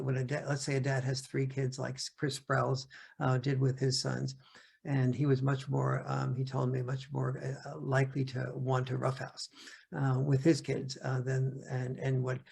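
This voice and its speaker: An older man gives a talk over a video call, halting and restarting as he searches for words. His voice is deeply gravelly, with a husky, rough edge at a middling pitch. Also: completely flat delivery, a little mellow. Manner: halting, many restarts and fillers. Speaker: guest speaker. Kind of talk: lecture-style talk.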